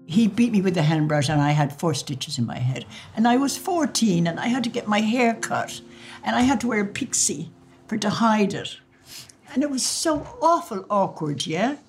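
An older Irish woman recalling her life, telling stories in a lively way and acting out the voices of people in them. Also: mid-range voice, normal speed. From Ireland. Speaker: interviewee. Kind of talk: personal storytelling.

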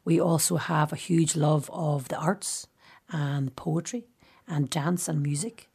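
A woman's voice: sits low, slow pace, a little mellow, husky. Chatty woman with a Derry accent. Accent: Derry, Northern Irish. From Derry, Northern Ireland. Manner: chatty, laughing storyteller with local slang. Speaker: guest. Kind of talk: casual chat.

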